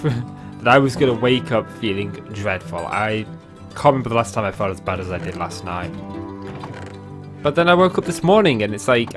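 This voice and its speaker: A young man hosting a casual video game let's play, talking in a chatty, rambling way with fillers and asides. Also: mid-range voice. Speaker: Minecraft let's play host. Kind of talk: casual gameplay commentary. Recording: faint guitar music behind.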